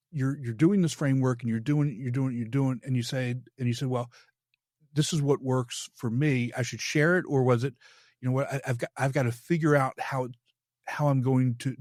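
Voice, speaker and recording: A man's voice: mid-range voice, darkish tone, dry recording. Guy hosting a podcast, kinda stumbly, lots of restarts, dry sound. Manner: halting, many restarts and repeated words. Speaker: podcast host. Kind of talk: casual interview chat.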